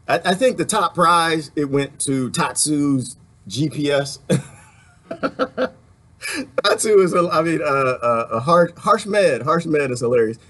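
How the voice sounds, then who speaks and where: A man talking in a casual, rambling monologue about politics, laughing often and getting worked up into animated rants. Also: medium pitch. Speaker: political commentator.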